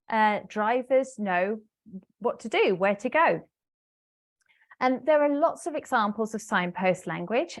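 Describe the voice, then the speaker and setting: A woman business English trainer giving an online webinar, explaining step by step with frequent fillers and pauses. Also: a little high. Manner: hesitant fillers, explanatory, talks to a live audience.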